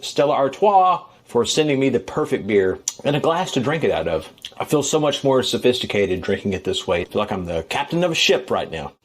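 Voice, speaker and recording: A man at home talking casually and playfully on video, chatty with a mock-serious edge. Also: mid-range voice. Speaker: comedian.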